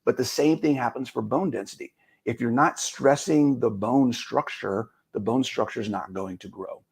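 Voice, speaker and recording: A man's voice: medium pitch, moderate pace, creaky, a little mellow, husky. A man, a guest fitness expert, explains things step by step in casual live-stream chat. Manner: explanatory, loses track, then lays it out step by step.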